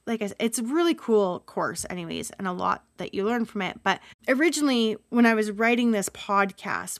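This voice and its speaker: A woman's voice: mid-range voice, no room sound, clean studio sound. A woman hosting a solo spiritual podcast as a Reiki healer, talking in an earnest, emotional and rambling way with many asides.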